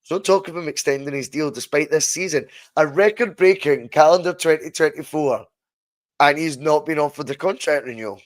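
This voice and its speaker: Man, animated football podcast chat. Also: fairly high pitch, a little fast, no echo. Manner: animated, swears freely. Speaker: podcast co-host. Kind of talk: casual football podcast chat on a video call.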